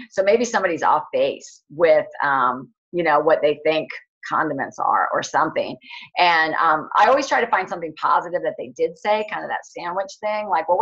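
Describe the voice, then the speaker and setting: A woman's voice: sits low, a bit bright, dull audio. A woman health coach explaining coaching questions in a casual, rambling way, with many fillers and restarts. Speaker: health coach leading a training call. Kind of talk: casual teaching talk.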